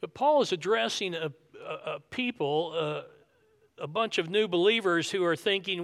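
A man's voice: high-pitched, normal speed, fairly bright tone. A man preaching a sermon, earnest and emphatic, repeating his key points. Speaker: pastor.

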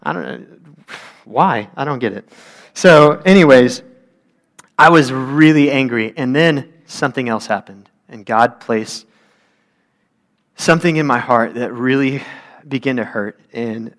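A man's voice: medium pitch, fairly bright tone. A young man preaching a casual sermon, talking in a loose, conversational way and acting out complaining voices. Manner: conversational, acts out whiny voices, grows heated.

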